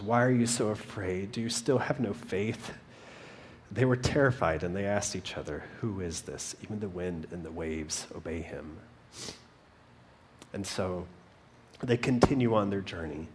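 A man's voice: fairly low pitch, a little hiss or hum. A man preaching a sermon, earnestly retelling a story with frequent restarts. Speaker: pastor.

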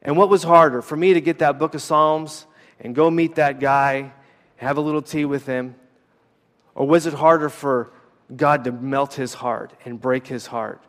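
The long reverb of a hall surrounds this American man, a former missionary, as he preaches and shares a personal story in a casual way, full of fillers and restarts. His voice is a little high and a bit bright, with fairly even intonation at a moderate pace.

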